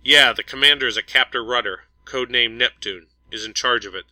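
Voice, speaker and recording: A man's voice: medium pitch, fairly quick, sharp tone, no room sound, poor audio. A man voicing a male pilot who reports in a plain, factual way. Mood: matter-of-fact. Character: matter-of-fact male pilot.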